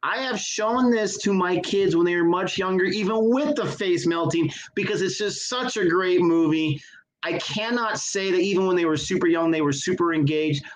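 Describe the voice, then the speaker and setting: A man in his thirties talks eagerly about a favorite film in a casual review chat. His voice sits a little high, and he gushes about everything he loves. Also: normal speed, crowd noise, rough recording. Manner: enthusiastic, gushing. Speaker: co-host of a movie review show. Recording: connection issues on the audio.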